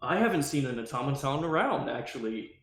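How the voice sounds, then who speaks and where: A man's voice: mid-range voice, big pitch swings, a little fast, fairly bright tone. Man as a befuddled young adventurer, hesitant, roomy echo. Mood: confused. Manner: bewildered, hesitant. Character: confused young adventurer who just woke up. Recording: echoey room.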